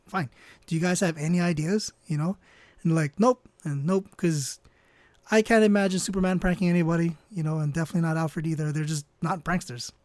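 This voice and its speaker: A man with a fairly high voice tells a casual, comedic story while he draws. He rambles in an offhand way and keeps hedging and trailing off. The sound is close and dry, with no room echo. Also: darkish tone. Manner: rambling and offhand, full of "you know" and "I don't know". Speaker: storyteller and artist.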